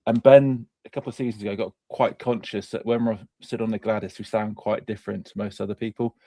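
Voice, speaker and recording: A man's voice: lowish voice, steady tone, fast, dark tone, dry recording. Man, forties, from Gloucester, rambling storyteller, dry close recording. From Gloucester, England. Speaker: podcast panelist. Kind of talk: casual chat.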